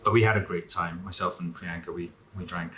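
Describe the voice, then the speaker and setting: Low-voiced guy chatting easy about restaurants, eating as he talks, faint noise behind. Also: brisk. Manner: relaxed, enthusiastic about food, talks while eating. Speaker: interview guest. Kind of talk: casual interview chat.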